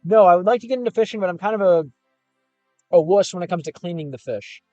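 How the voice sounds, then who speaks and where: A young man from Chicago talks in a slightly high voice, rambling loosely through viewer comments on a casual livestream from his car. His words sound close and dry, with soft music playing faintly underneath. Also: quick pace, no room sound, lo-fi sound. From Chicago, United States. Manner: rambling and loose, with frequent fillers and restarts. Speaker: gaming and language streamer.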